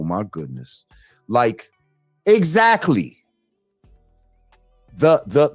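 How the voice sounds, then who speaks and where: A man hosting a live stream, reading viewer comments and ranting with heavy profanity, jumping between loud outbursts and low mutters. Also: no echo, clean studio sound. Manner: animated, swings between loud rants and mutters. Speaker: livestream host reading chat.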